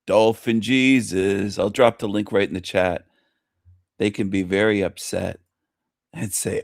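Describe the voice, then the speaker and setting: A man chats slowly on his livestream, with a low, gravelly voice. He keeps repeating phrases with gleeful mockery. The sound is close and dry, with no room echo. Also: fairly even intonation. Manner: repetitive, gleeful mocking. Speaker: livestream host. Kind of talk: casual livestream chat.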